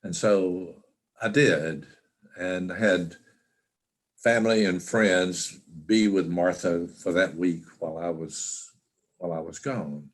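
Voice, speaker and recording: Slow, deep-voiced older man recalling. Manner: halting, with frequent restarts and fillers. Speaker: interview guest. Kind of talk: reflective personal storytelling. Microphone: video call.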